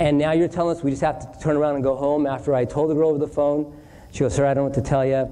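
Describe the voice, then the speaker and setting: A man preaching as a pastor, telling a long personal anecdote in an animated way and acting out each voice in it. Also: on the high side. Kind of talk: storytelling sermon. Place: church hall. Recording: distant hall reverb, faint noise.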